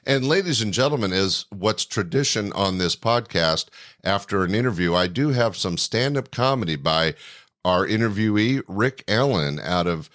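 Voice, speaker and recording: A man's voice: fairly low pitch, animated, moderate pace, fairly bright tone, dry recording, clean studio sound. A man hosting a podcast, closing an interview with a formal address to listeners. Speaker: podcast host. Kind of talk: podcast outro.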